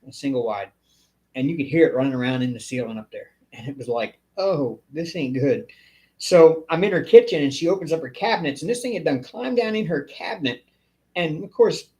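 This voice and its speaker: A man hosting a live stream, telling a winding story in a casual, rambling voice that sits a little high. He acts out the people he quotes as he goes. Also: darkish tone, husky. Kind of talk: casual chat.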